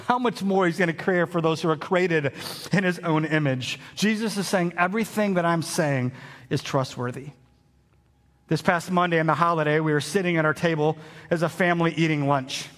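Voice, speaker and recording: A man's voice: high voice, a bit bright. A man, preaching a sermon as pastor in a conversational storytelling way. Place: large church hall. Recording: hall reverb.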